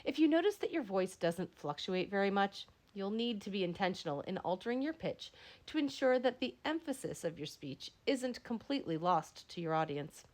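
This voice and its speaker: Woman instructor, read-aloud lecture, expressive pitch, self-correcting. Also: moderate pace. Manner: reads aloud with frequent slips and self-corrections. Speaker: instructor reading a textbook chapter.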